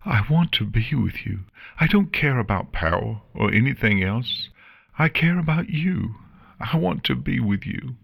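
A man voicing a soft-spoken female pony who pleads tenderly with the one she loves, in a storybook reading. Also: lowish voice, lively intonation, unhurried, no room sound, clean studio sound, voice pushed up. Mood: pleading tenderly.

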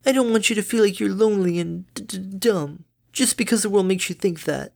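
A woman's voice: medium pitch, brisk, vocal fry, a little mellow, voice pushed up, close to an everyday voice. A woman voicing a clumsy, doting mother pony who stammers over her words in a fan fiction reading. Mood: tender. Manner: stammers on words, bubbly and tender.

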